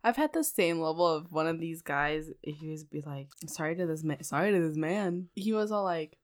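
A woman in her twenties in casual chat, telling an animated story peppered with "like" and swearing. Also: deep voice, moderate pace. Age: 20s.

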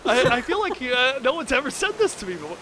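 A man playing in a tabletop game, talking in excitable, swearing banter. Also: very high-pitched, fast, slight background noise. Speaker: player.

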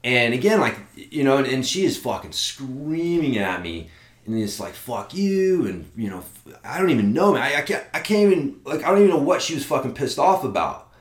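A man's voice: medium pitch, brisk, echoey room. A man casually telling a story with lots of swearing and fillers. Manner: profane, animated, lots of fillers.

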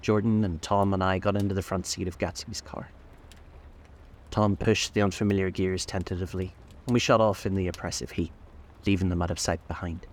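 A man narrating a classic novel aloud in a steady, measured way. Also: low-pitched. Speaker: audiobook narrator.

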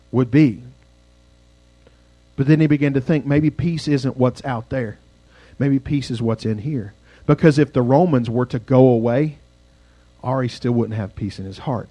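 A male pastor telling a dramatic story in a sermon, swinging from loud passages to hushed ones. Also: mid-range voice, expressive, a little slow, no room sound.

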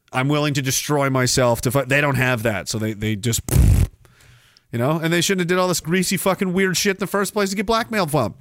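A man's voice: mid-range voice, fairly bright tone, dry recording. A man hosting a podcast stream, reading chat messages aloud and ranting in a profane, sarcastic way that wanders off on tangents. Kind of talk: casual ranting livestream talk.

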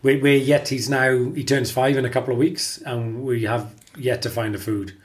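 A man's voice: medium pitch, steady tone, normal speed. A man, co-hosting a casual chat and laughing easily. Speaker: podcast co-host.

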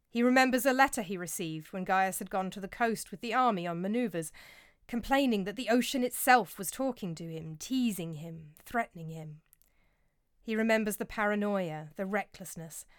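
A woman's voice: mid-range voice, clean tone, dry recording, studio quality. A woman narrating a scripted historical story in a dramatic, vivid way.

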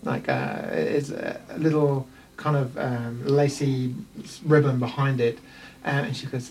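A man's voice: medium pitch, lively intonation, measured pace, a little mellow, distant mic, a little hiss or hum. A man with a New Zealand accent narrating a tabletop game as game master, rambling with frequent ums.

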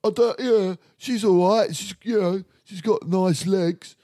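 A man voices a crude young lad. The voice is pitched up, loud and lazy, and every remark comes out offhand. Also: measured pace, dry recording, clean studio sound. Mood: leering. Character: laddish young man judging a woman, crude.

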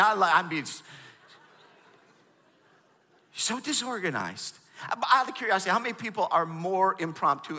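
A middle-aged man preaching a sermon, animated and storytelling, prompting the congregation. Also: a little high, big-room sound. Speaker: pastor.

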